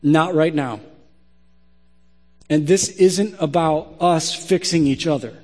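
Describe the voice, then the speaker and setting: A male pastor delivering a sermon in a large hall, his voice ringing out with a long reverb. He speaks in a slightly higher register, blunt and emphatic in his direct address. The tone is forceful and pointed. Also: slow pace.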